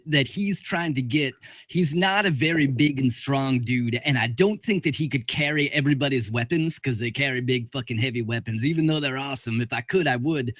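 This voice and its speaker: A man's voice: mid-range voice, a bit bright, no room sound, studio quality. A man playing a tabletop game, joking around and swearing a lot. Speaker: player. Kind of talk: casual tabletop game chat.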